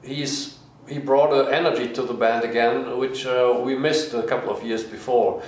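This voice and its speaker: A man, the frontman of a band, answering interview questions in halting speech full of fillers and restarts. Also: medium pitch, fairly even intonation. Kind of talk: casual interview. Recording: echoey room, faint noise.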